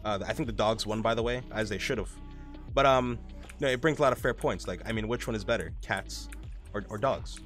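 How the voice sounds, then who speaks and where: A man streaming a game, ranting casually in a profane, rambling, excitable way. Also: fairly low pitch, a little fast, soft background music. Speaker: gaming streamer. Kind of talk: casual rant while playing a game.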